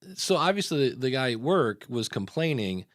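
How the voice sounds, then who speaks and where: A man's voice: mid-range voice, sing-song, normal speed, dry recording, clean studio sound. A man hosting a casual podcast chat, telling stories and acting out what people said. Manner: conversational, storytelling, acts out quotes. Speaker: podcast host.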